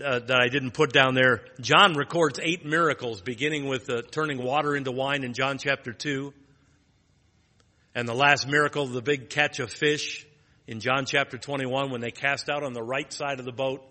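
A man's voice: medium pitch, steady tone, normal speed, sharp tone, big-room sound. A man teaching a Bible lesson in a plain teaching tone, asking rhetorical questions and restarting phrases.

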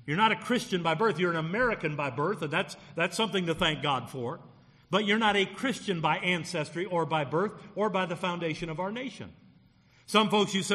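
Man, pastor, fairly high voice, emphatic sermon delivery, church hall reverb. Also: a little fast, pushed and bright. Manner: emphatic preacher, stressing key words.

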